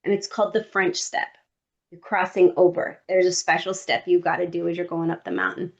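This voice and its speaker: A woman guest on a podcast, telling a personal story in an animated way and acting out what others said. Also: on the low side, brisk, gravelly, highs cut off.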